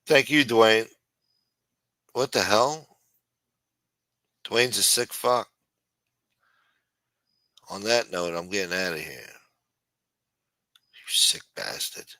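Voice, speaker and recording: A man's voice: on the low side, takes it slowly, long pauses, pushed and bright, no room sound. A man on a late-night live stream, rambling in a profane, self-mocking way. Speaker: show regular. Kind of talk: casual live-stream chat.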